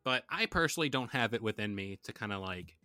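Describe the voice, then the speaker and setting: A man's voice: fairly low pitch, lively intonation, quick pace, bright, forceful tone, clean tone, dry recording. A young man co-hosting a podcast, chatting casually with jokes and rambling asides. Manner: joking, rambling, many fillers. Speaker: podcast co-host. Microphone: studio podcast mic.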